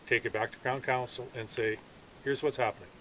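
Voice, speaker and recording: Fast-talking police officer, man. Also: mid-range voice, fairly even intonation, a bit bright, slight background noise, rough recording. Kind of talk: calm official explanation. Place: outdoor camp.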